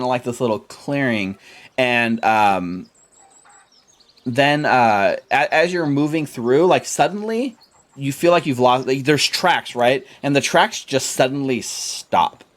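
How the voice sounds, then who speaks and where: Lively chatty man running a tabletop game. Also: medium pitch, unhurried. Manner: loose and chatty, lots of fillers. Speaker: game master.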